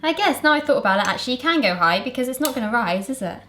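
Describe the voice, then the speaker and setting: A woman co-hosts a relaxed home cooking video, giggling and chatting as the food comes together. Her voice sits a little high. Faint kitchen noise hums behind her. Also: racing. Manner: giggly, easygoing. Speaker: co-host. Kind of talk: casual cooking chat.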